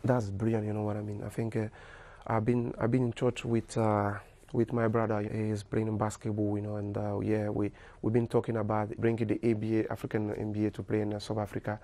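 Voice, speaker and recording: Soft-spoken man with gravelly voice. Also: on the low side, monotone. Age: 30s. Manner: halting, repeats words, many "you know". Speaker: guest footballer. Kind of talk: casual interview chat.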